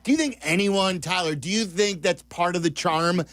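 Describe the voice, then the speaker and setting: Radio sports host guy, chatty, a bit high voice, dry close mic. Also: normal speed, a bit bright, no room sound. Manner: chatty, asks lots of questions. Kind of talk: sports talk radio chat.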